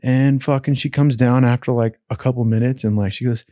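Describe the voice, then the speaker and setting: A man's voice: medium pitch, brisk, no echo, clean studio sound. A man telling wild stories in a casual, profane, rambling way, full of slang and asides. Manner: profane, animated, slangy with "dude". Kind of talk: casual storytelling.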